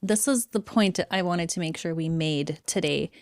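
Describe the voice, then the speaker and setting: A woman's voice: on the low side, moderate pace, dry recording, clean studio sound. A woman co-hosting a podcast in casual chat, agreeable and laughing often. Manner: giggly, agreeable, frequent laughter. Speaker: podcast co-host.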